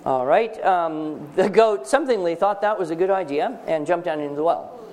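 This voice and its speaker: A man's voice: high-pitched, normal speed, a little mellow. A man teaching a writing workshop for parents in a seminar room with a live audience. He is emphatic and joking, and he quizzes the listeners.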